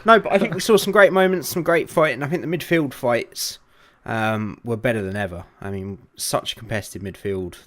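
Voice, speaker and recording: A man's voice: mid-range voice, fairly quick, few pauses, fairly bright tone. A man hosting a casual sports podcast who steers the chat and laughs easily. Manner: chatty, steering the talk, laughs often. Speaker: podcast host.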